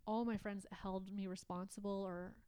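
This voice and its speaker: A woman from Canada shares a heartfelt personal story, her telling halting and emotional, full of restarts. Her voice sits at an ordinary pitch and was caught close up in a dry room with no echo. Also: little pitch movement, mellow, clean tone. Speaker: guest. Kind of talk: personal testimony in conversation.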